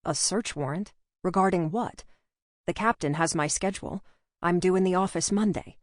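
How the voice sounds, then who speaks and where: Woman reading a grumpy impatient detective guy, curt, bossy, lowish dry voice. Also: moderate pace, dry recording, lightly acted. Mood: angry. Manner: curt, demanding. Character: gruff, impatient male detective.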